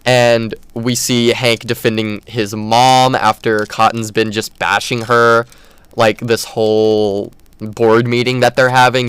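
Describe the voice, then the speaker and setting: A man's voice: lowish voice, a bit bright, clean tone, dry recording. A man hosting a podcast, chatting casually and enthusiastically, rambling with many fillers. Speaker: podcast host. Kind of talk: casual chat.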